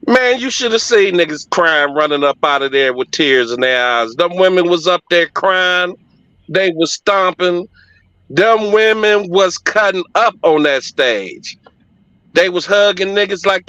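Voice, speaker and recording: Middle-aged man guest, forceful slightly high voice, emphatic cursing storyteller, dull dry lo-fi sound. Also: a little slow, clean tone, no room sound. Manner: emphatic, profane, heartfelt retelling. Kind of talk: casual storytelling in conversation.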